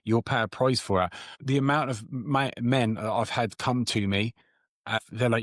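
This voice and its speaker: A man's voice: mid-range voice, normal speed, a bit bright, no echo, studio quality. A man who works as a therapist, hosting an interview in a blunt, stammering way. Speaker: host, therapist. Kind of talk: casual interview chat.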